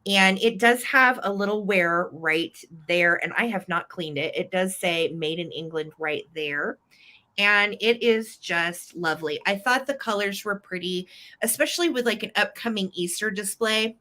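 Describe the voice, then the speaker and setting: A woman's voice: medium pitch, moderate pace, pushed and bright. A woman hosting a live online vintage sale, chatty and upbeat as she describes each item. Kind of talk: live online sales chat.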